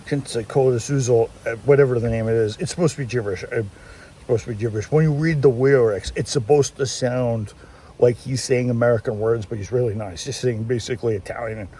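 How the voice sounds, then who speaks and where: A man's voice: mid-range voice, fast talker, dark tone, a little hiss or hum. A man chatting casually in a walking vlog, rambling and restarting often, recorded on a handheld phone outdoors. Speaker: vlogger. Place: outdoors, walking through town.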